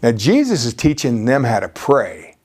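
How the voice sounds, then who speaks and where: A man's voice: medium pitch, wildly swooping pitch, normal speed, a little mellow, husky. A male preacher delivering a sermon, peppering his talk with "you see" and frequent restarts.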